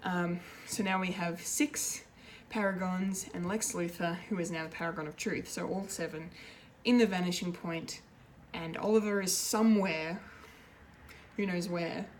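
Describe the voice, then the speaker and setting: A woman reviewing a TV episode in a casual, rambling way, excitable and full of fillers and restarts. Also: lowish voice, measured pace, slight background noise. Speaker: pop culture reviewer, show regular.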